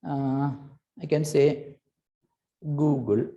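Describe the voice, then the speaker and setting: A woman's voice: on the low side, animated, measured pace, mellow, dull audio. A woman teaching a recorded lesson, patiently explaining and checking in with "right?" between points, with hesitant restarts.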